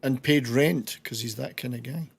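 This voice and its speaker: Gravelly-voiced male podcast host. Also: mid-range voice, moderate pace. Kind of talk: casual movie-review chat.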